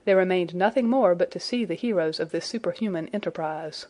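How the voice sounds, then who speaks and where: A woman reading a classic adventure novel aloud in a measured, even storytelling manner. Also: on the low side. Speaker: audiobook reader.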